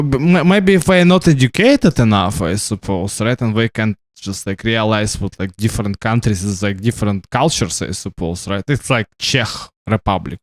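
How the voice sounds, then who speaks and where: A man's voice: on the low side, no echo, clean studio sound. Guy rambling over his game, stumbles on words a lot, bouncy up and down voice. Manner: rambling, stammering, tags "right?" often. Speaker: gamer streamer. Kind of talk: casual commentary while gaming.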